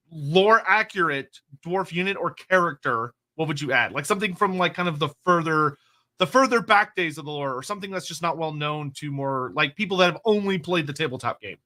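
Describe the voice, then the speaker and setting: A man's voice: on the high side, pushed and bright. A man hosting a casual stream, reading out viewer questions in a loose, rambling way with casual swearing. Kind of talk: casual livestream chat.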